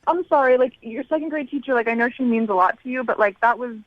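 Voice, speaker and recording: A woman's voice: fairly high pitch, fast talker, dry recording. A young woman calling in to a radio show, chatty and filling her talk with "like". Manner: chatty, heavy use of "like". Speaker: caller. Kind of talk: phone call on a radio show. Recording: muffled phone line.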